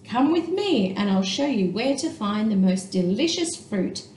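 A woman voicing a tender, caring mother bat in a storybook read-aloud, with a soft, gentle delivery. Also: mid-range voice, big pitch swings, a little slow, echoey room, slight background noise. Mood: coaxing.

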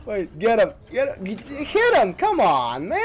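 A man's voice: very high-pitched, wildly swooping pitch, unhurried, a little hiss or hum. A male gaming streamer commentating on gameplay, breaking into helpless hysterical laughter to the point of tears and swearing as he talks.

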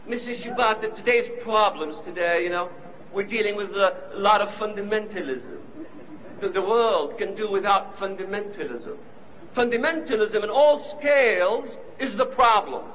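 A man voicing a male interviewer who lectures about fundamentalism in a measured, slightly halting way, a little lower than his own voice. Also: lively intonation, fairly bright tone, slight background noise, low-quality recording. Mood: condescending.

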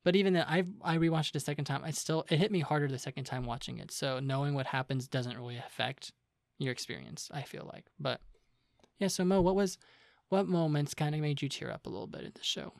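A man's voice: fairly high pitch, fairly quick, creaky, dry recording, clean studio sound. A young man co-hosting a casual podcast chat, talking loosely with many fillers as he retells scenes. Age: young adult. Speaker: podcast co-host.

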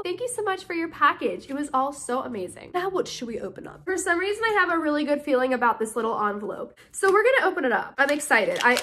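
A bubbly, excitable young woman chatting to her camera as she opens fan mail. Her voice sits high and sounds bright and sharp. She gushes thanks to her viewers. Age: young adult. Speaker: YouTuber opening fan mail. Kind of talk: casual chat to camera.

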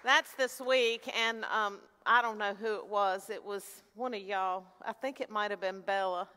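A woman's voice: mid-range voice, steady tone, a little slow, bright, forceful tone, some chatter behind. A woman pastor leading prayer, heartfelt and informal, close to tears. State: near tears. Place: church sanctuary. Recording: hall reverb with faint music.

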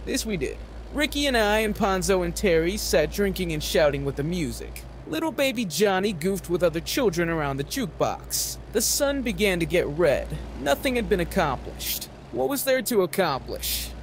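A man reading a novel aloud as narrator, with an expressive delivery. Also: sits high, normal speed, hardly any pauses, slight background noise. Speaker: audiobook narrator.

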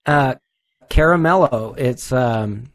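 A man's voice: mid-range voice, slow pace. A man from New Hampshire, a guest race director on a casual podcast, talking in a blunt, joking way and swearing freely. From New Hampshire, USA.

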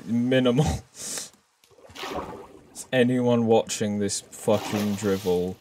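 Slow, rambling man streaming a game. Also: lowish voice, a little mellow. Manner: rambling, self-mocking, swears often. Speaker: gaming streamer. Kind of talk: casual live-stream chat while gaming.

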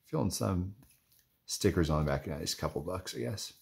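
Low-voiced chatty man sorting cards. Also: lively intonation, fairly quick, creaky, a little mellow. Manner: rambling and chatty, lots of "like" and "anyways". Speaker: card collector vlogger. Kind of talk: casual running commentary while flipping through cards.

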